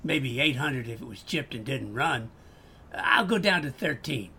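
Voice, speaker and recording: A man with a Boston accent playing a customer who pitches items persuasively. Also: animated, unhurried, sharp tone, slight background noise. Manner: salesy, persuasive. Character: friendly male customer selling a clock.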